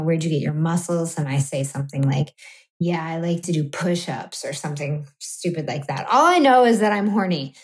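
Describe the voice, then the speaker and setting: A woman, co-hosting a podcast and telling an explicit story in a blunt, self-mocking way. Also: lowish voice. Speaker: podcast co-host. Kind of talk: candid comedic storytelling.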